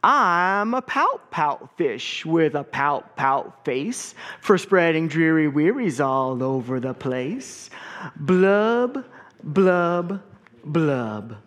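A sulky, pouting fish voiced by a man sighs through a slow, sing-song refrain. The voice sits a touch high and keeps slipping from bright replies into a sunken, glum drawl, all in a storybook read-aloud manner. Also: sing-song, full character voice. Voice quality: mopey sing-song chant, drawn-out refrain. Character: glum, gloomy male fish with a permanent pout.

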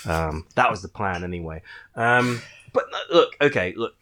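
A man's voice: low voice, lively intonation, moderate pace, a bit bright. A man hosting a casual book-discussion podcast, joking and rambling with fillers and restarts.

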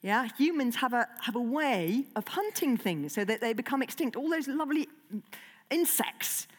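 A woman's voice: a little high, animated, normal speed. A woman, a children's author, giving a chatty, digressive talk to children, with many fillers. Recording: long hall reverb.

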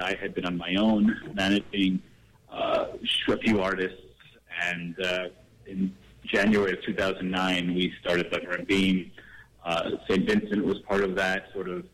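A man talking as a guest in a radio interview, calling in and speaking in a measured way with many fillers. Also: deep voice, a bit bright, low-quality recording. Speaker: guest, artist manager. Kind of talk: phone-in interview.

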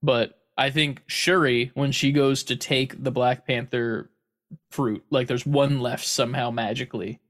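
Male co-host, mid-pitched voice, excitable gamer chatter, playful with accents. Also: a little slow. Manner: animated, slips into silly accents. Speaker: podcast co-host. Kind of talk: casual chat.

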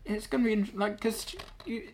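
A dry, teasing interviewer in an improvised comedy chat, delivering deadpan put-downs. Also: medium pitch, normal speed, slight background noise. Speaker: mock interviewer.

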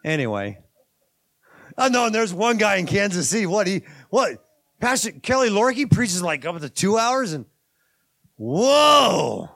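High-voiced preaching man. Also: big pitch swings, moderate pace, fairly bright tone. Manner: conversational preaching, rising to emphatic bursts, asides and laughs. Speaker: pastor. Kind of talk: sermon.

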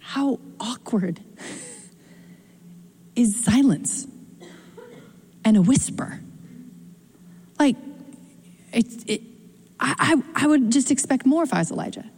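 Animated woman pastor preaching in a hall. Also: normal speed, gravelly, pauses often. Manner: animated, conversational, acts out quotes with big pitch jumps. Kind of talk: sermon. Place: church. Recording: church hall reverb.

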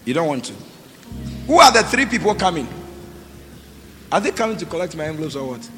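Over music, a pastor with a slightly high, very animated voice speaks a little fast, summoning the congregation forward for offerings. Short commands get repeated and questions fly at the crowd, all in an echoey church hall with faint noise.

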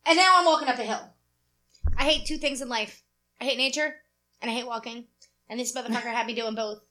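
A high-voiced woman telling a story with swearing and lively put-on quotes. She keeps the chat casual and full of energy, and her pitch sits well above most women's. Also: quick pace. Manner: animated, profane storyteller who acts out quotes. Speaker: podcast co-host.

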